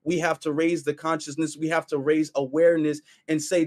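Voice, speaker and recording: A man's voice: a little high, little pitch movement, fairly quick, darkish tone. A man on a talk radio show, speaking with conviction in rhetorical, repeated phrases. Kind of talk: impassioned talk radio commentary.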